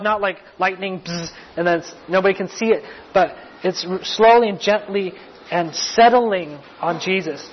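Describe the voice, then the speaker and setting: A man's voice: high-pitched, a little hiss or hum. A man preaching a sermon as pastor, explaining a passage in a conversational way with restarts and light asides. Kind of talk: sermon teaching. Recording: muffled lo-fi recording.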